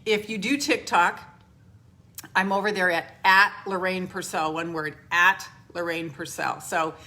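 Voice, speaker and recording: Through a camera she handles and adjusts, a woman runs a home spiritual live stream, warmly calling out viewers by name before guiding a grounding exercise. She speaks a little slowly in a low-leaning, bright, forceful voice with fairly even intonation.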